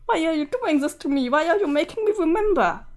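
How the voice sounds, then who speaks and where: A woman's voice: very high-pitched, expressive, a little fast, darkish tone. A woman reading a webcomic aloud, voicing a grief-stricken young girl ghost who sobs "boo hoo" and pleads to go back. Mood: mournful.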